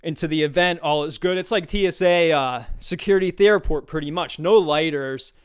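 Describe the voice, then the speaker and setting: A man's voice: fairly high pitch, brisk, clean tone. A man hosting his own talk show, telling a casual, profane story and mimicking people he met along the way. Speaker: podcast host. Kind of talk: casual solo monologue.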